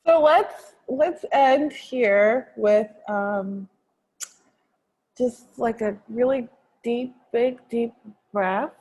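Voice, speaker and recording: Slow, breathy woman, sleepy and soft. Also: a little high, poor audio. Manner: sleepy, yawning, soft and halting. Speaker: EFT tapping practitioner. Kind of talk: casual chat and guided tapping.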